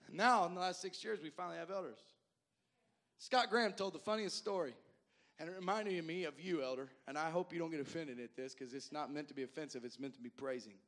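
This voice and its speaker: A male pastor telling folksy stories in a sermon, addressing the congregation directly and repeating words as he goes from loud to soft. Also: a little high, quick pace. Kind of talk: sermon storytelling.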